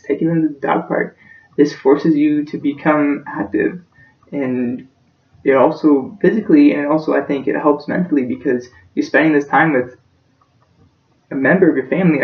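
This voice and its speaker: Young guy giving an emotional class speech, slightly high voice, sounds far from the mic in an echoey room. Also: muffled recording. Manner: earnest and emotional, voice close to breaking. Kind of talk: practice persuasive speech. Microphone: self-recorded from a distance.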